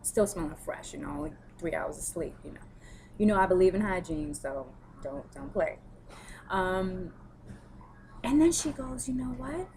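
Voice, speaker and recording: A woman's voice: fairly low pitch, animated, normal speed, creaky, darkish tone, slight background noise, poor audio. Chatty woman telling candid stories. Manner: chatty, candid, storytelling with frequent fillers. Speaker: personal trainer. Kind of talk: casual vlog answering viewer questions.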